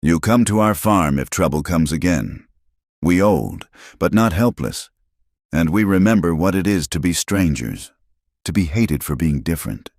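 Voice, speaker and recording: A kindly old farmer with a thick Norwegian accent, as a man puts him on, gentle and plain in his broken English. The voice is very deep and heard dry and close in this storybook reading. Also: animated, moderate pace, husky, dry recording, full character voice. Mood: earnest.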